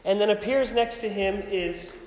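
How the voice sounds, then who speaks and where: A man's voice: sits high, moderate pace, echoey room, long reverb tail, a little hiss or hum, poor audio. A man preaching a sermon as pastor, casual and conversational, with frequent ums and restarts.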